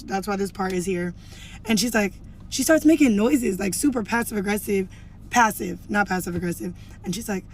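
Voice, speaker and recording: A young woman telling a storytime to camera in a casual, chatty way, full of "like" and acting out what others said. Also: a little high. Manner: chatty, heavy use of "like", acts out quoted lines.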